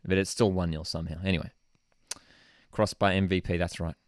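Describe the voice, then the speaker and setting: A young Australian man hosting a live football watchalong, excitable and prone to saying "dude", swinging between shouting and muttering. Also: sits low, fairly quick, no room sound, clean studio sound. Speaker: football channel host. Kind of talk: live match watchalong commentary.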